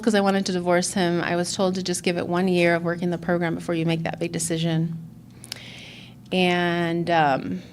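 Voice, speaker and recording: With a fairly low-pitched voice and slight background noise, a conference speaker from the Chicago area, USA, tells the candid story of her recovery. She is earnest and frank, acting out quoted dialogue from conversations she recalls.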